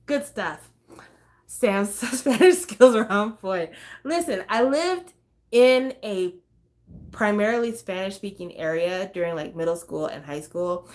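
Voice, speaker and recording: A woman's voice: mid-range voice, animated, slow, pauses often. A woman hosting a casual talk stream, chatty and swearing, breaking into snatches of songs. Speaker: host. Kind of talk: casual chat.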